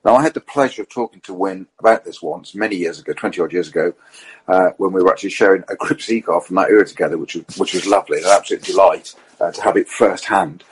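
Husky-voiced man telling racing stories. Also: low-pitched, fast, low-quality recording. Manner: lively storyteller acting out quotes. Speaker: podcast panelist and racing driver. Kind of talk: anecdotal motorsport chat.

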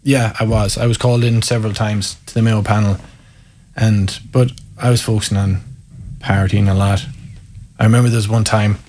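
An Irish man in his thirties, a former footballer, telling self-mocking stories in a relaxed chat. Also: on the low side, moderate pace, a little hiss or hum. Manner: self-mocking, animated anecdotes with laughs. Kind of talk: casual storytelling.

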